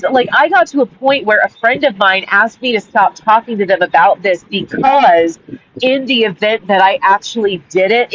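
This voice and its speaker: Profane ranting woman storyteller. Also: mid-range voice. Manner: profane, rambling and heated. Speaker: author and podcast host. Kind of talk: personal ranting monologue. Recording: dull audio with faint background hiss.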